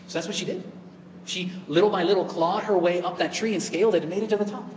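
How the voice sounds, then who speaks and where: A man's voice: a little high, quick pace, slight background noise. Earnest preacher man in an echoey church. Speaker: priest. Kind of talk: sermon.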